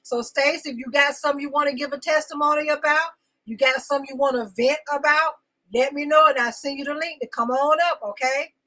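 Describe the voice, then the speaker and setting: High, bright emotional woman host. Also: fairly even intonation, fast talker, poor audio. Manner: emotional and insistent, repeating phrases; greets chat viewers by name. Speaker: talk show host. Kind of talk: live-stream venting monologue.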